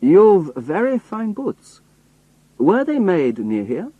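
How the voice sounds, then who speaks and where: A man's voice: high-pitched, huge pitch swings, slow pace, breathy edge, no room sound, phone-quality sound, pitched above the performer's own voice, full character voice. A man voicing a suspicious, politely probing foreign agent.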